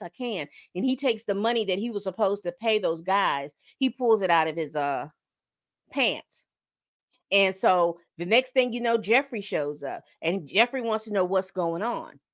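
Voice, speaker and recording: A woman hosting a podcast, casually recapping a TV episode, telling it like a story and acting out the characters' lines. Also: medium pitch. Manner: animated storytelling, acts out quotes, calls listeners "baby".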